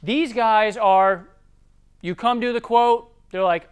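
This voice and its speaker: A young man with a Southern US accent giving a casual sales training talk, acting out customers in quick voices. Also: high voice.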